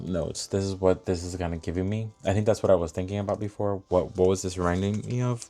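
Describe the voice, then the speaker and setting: Speaking in a low pitch, a man opens fragrance packages and gives his casual take on each. He's lively, reasoning aloud and leaning on lots of fillers.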